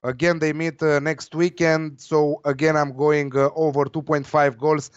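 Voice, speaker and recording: A man's voice: on the high side, little pitch movement, moderate pace, clean tone, dry recording. A man giving football betting tips in casual chat, hesitant with many fillers. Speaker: betting tipster. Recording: dull lo-fi dry sound.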